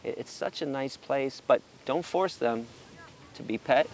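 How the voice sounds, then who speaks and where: A man's voice: mid-range voice, unhurried, darkish tone, a little hiss or hum. A man speaking passionately about animal sanctuaries in a casual monologue, stammering into restarts and swearing now and then. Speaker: vegan animal rights advocate.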